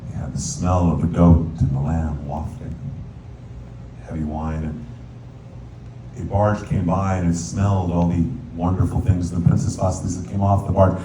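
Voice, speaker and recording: A rabbi telling a folk tale as a sermon, lively and playful, now and then singing verses in Hebrew. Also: male voice, sits low, moderate pace. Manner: animated storyteller, sings Hebrew verses. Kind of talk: storytelling sermon. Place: synagogue sanctuary. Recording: echoey hall, distant mic, faint room noise.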